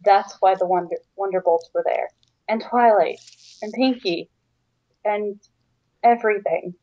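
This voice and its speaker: A woman's voice: mid-range voice, unhurried, dry recording, close to an everyday voice. A woman voicing a distraught young mare who is weary and defensive. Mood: desperate. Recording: dry, dull lo-fi sound.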